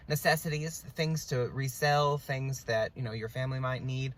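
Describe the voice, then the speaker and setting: A man's voice: medium pitch, fairly bright tone, a little hiss or hum. A middle-aged man, a reseller chatting casually to camera in a rambling vlog style with plenty of ums and asides. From Oklahoma, USA. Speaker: estate liquidator and reseller.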